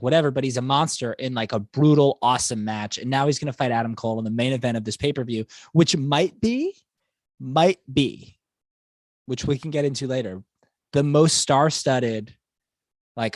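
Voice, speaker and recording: A medium-pitched podcast co-host on a casual wrestling talk show argues his points enthusiastically, building them quickly and saying "like" a lot. The recording is dry and studio quality.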